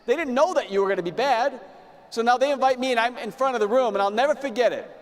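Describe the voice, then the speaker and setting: A man's voice: very high voice, quick pace. A man giving a motivational business talk to a room, telling a personal story and repeating words as he goes. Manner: storytelling, repeats words, acts out his own past lines. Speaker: business speaker. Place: large room with live audience. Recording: long hall reverb.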